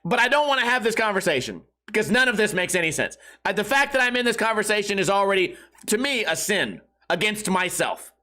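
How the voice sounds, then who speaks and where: Crude, rambling high-voiced man. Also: expressive, brisk, sharp tone. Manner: crude, rambling, laughs at own jokes. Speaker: podcast host. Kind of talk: casual comedic monologue.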